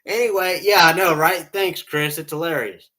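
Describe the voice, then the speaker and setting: A man's voice: fairly high pitch, moderate pace, bright, forceful tone. A man telling rambling casual stories and jokes to online friends, often tacking on "all right?" and laughing at his own tales.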